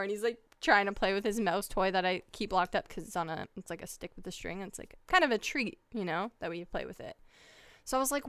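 A young woman co-hosting a podcast, telling a story in lively casual chat, swearing and acting out her own outbursts. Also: mid-range voice, clean tone, no echo, clean studio sound. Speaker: podcast co-host.

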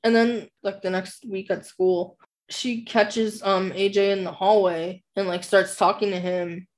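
A woman's voice: mid-range voice, steady tone, a little slow. A woman co-hosting a casual book podcast, rambling through a plot recap full of "like" fillers. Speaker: podcast co-host.

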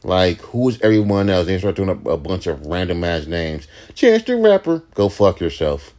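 A young man with a fairly low voice talks in a loose, late-night podcast monologue. He rants and rambles with plenty of swearing and false starts. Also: steady tone, moderate pace, darkish tone. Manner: profane, ranting, rambling with restarts. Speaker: podcast host, rapper.

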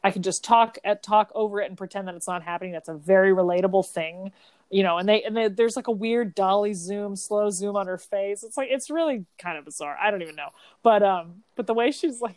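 A woman co-hosting a casual chat, animated and profane, laughing often as she talks. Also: medium pitch, brisk, dry recording. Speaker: podcast co-host.

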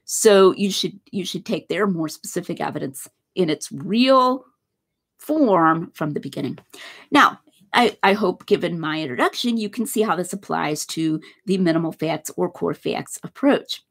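A woman with a low, slightly husky voice gives a philosophy lecture. She talks it through conversationally, and her pitch rises and falls a lot as she builds a hypothetical example. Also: animated, a little slow.

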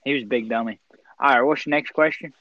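A man's voice: medium pitch, fast talker, no echo. A young man with a rural Pennsylvania accent, co-hosting a podcast and answering questions in a boastful, teasing redneck act. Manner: exaggerated redneck bravado, teasing. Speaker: podcast co-host. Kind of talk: joking in-character interview. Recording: dull lo-fi recording.

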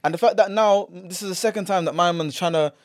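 A young man with a London accent telling a story on a casual podcast, acting out what people said with slangy, lively delivery. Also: sits high, quick pace, dry recording, clean studio sound. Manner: animated, acts out quotes, slangy. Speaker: podcast host.

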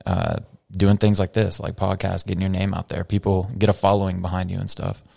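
Man, low voice, gravelly, halting restarts, casual podcast guest, dry close sound. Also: lively intonation, mellow, dry recording. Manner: halting, restarts often, laughs easily. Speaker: podcast guest, independent wrestler.

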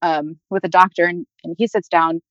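A woman's voice: fairly low pitch, fairly even intonation, normal speed, no room sound. A young adult woman, an interview guest, telling a personal story in a chatty way full of fillers. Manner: chatty, many fillers like "like" and "you know". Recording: dull, dry lo-fi audio.

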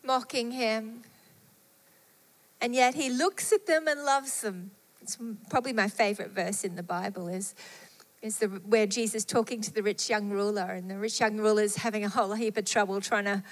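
A woman preaching a sermon with fervent delivery, rising to emphatic peaks and falling to hushed, soft phrases. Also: mid-range voice. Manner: fervent, swelling and dropping to soft tones. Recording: long hall reverb.

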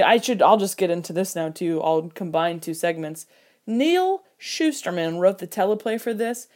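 A woman giving casual film commentary, animated and jokey, with mock outrage and quick impressions of characters. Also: medium pitch. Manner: quoting characters in quick put-on voices. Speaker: film reviewer.

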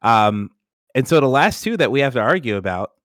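A man's voice: medium pitch, big pitch swings, brisk, a bit bright, dry recording, studio quality. A man hosting a casual gaming podcast, swearing freely as he steers the group through its rankings. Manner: loose, profane, runs the ranking discussion. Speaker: podcast host.

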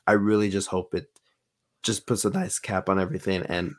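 A man's voice: sits low, fairly even intonation, a little fast. A man co-hosting a podcast in casual chat, earnest and hesitant, stumbling over his words. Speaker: podcast co-host.

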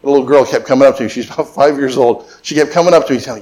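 A man's voice: medium pitch, very fast, few pauses, a little mellow. A middle-aged man preaching a sermon as pastor, mixing emphatic repetition with joking stories.

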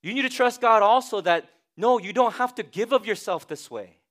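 A man's voice: high-pitched, lively intonation, moderate pace, a bit bright. A male pastor preaching a sermon, conversational and emphatic, with repeated rhetorical questions.

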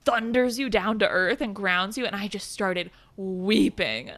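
A woman co-hosting a podcast, chatting casually about a film in an animated way, swearing now and then and laughing often. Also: mid-range voice, unhurried. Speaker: podcast co-host.

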